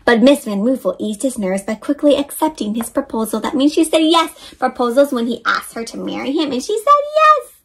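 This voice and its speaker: Expressive woman reading aloud to kids. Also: sits high, a little fast, few pauses, husky. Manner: expressive, asks children questions. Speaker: children's read-aloud narrator. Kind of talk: interactive read-aloud for kids.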